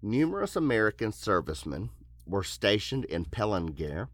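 A man's voice: on the low side, sing-song, normal speed, no echo. A man hosting a podcast, reading a true-crime case aloud in a casual way with joking asides. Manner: joking asides, puts on silly voices for quotes. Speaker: podcast host telling a case.

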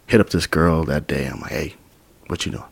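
A young man in his twenties from Utah, telling his story as a podcast guest, acting out quotes with whispers and sudden high bursts. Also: a little fast, gravelly, breathy edge. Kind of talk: storytelling in casual interview.

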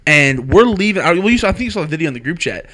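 A man in his twenties rambling excitedly through a story in casual chat with friends. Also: fairly high pitch, racing, crowd noise. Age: 20s.

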